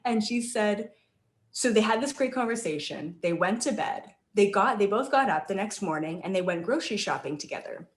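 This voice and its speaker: A woman's voice: medium pitch, expressive, moderate pace. Woman storytelling, chatty, keeps asking right?, roomy echoey sound. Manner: chatty, with frequent tag questions. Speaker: intuitive channeller guest. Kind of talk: conversational storytelling. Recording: roomy echo.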